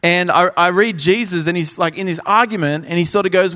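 A young man delivers a conference sermon, his voice pitched high and full of energy. He slips into other people's voices as he tells his stories. The sound carries a long reverb from a large hall. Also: brisk, few pauses. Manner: animated storyteller, acts out voices. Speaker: pastor.

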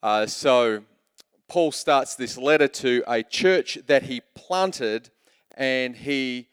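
A man's voice: medium pitch, slow, clear, resonant tone, big-room sound. A man preaching a sermon as pastor, emphatic, repeating words as he builds a point.

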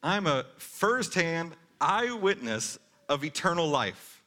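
A man preaching a sermon as a pastor, talking in a conversational, animated way with casual asides. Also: on the high side, slow.

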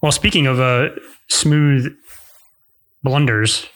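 A man's voice: medium pitch, slow, a bit bright. A man teasing his co-host in joking, casual banter over a remote video call. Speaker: podcast co-host. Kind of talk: casual chat.

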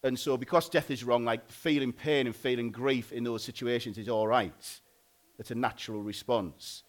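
A married man preaching a sermon in a loose, conversational way, often pausing and restarting. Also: medium pitch, fairly even intonation. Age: adult, married. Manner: informal, conversational, frequent "like" and restarts.

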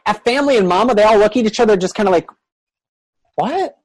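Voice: mid-range voice, rapid-fire, dry recording. A game master narrating a tabletop game, hesitant with frequent restarts. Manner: hesitant, many fillers and restarts.

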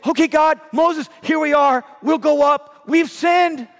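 A preacher voicing a remorseful crowd of ancient Israelites, raising his voice urgently while hoarse and short of breath. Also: extremely high pitch, a little slow, big-room sound, voice pushed up. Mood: pleading. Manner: urgent, pleading, raised. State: losing his voice, winded.

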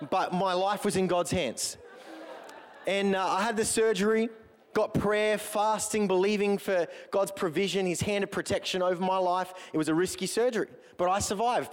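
Country victorian aussie bloke preaching, chatty and cheeky, lots of uh's, voice on the higher side, big reverby church hall. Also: male voice, fairly even intonation, moderate pace. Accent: Australian, country Victorian. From Victoria, Australia. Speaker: pastor. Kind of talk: humorous sermon. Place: church auditorium. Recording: long echo of a large hall.

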